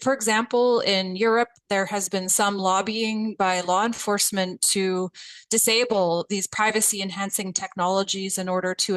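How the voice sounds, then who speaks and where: A woman testifying as an expert witness at a committee hearing, speaking in a measured, precise way with occasional restarts. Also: mid-range voice, a bit bright, no echo, low-quality recording.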